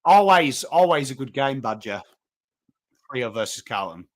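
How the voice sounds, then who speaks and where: A man with an English accent hosting a live footy watchalong, mixing game commentary and cheering with quick replies to viewers in chat. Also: medium pitch. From England. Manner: animated, jumps between cheering the team and greeting viewers. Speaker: livestream host.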